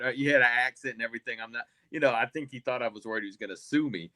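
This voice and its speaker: A man's voice: medium pitch, rapid-fire, hardly any pauses, sharp tone, no echo. A man on a casual discussion panel, hesitant at first and full of restarts, then making his argument firmly. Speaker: panel guest.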